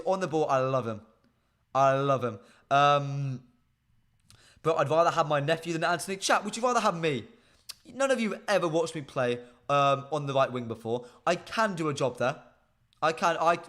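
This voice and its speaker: The host of a casual football live stream, this man has a fairly high, somewhat bright voice. He talks chattily and directly to the chat, filling his speech with frequent ums.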